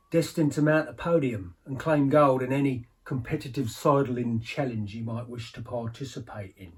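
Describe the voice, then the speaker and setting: Aging ex-henchman, husky, rambling barroom storyteller for an audio drama, played by a man. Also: mid-range voice. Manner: rambling, colloquial, winking asides to the listener.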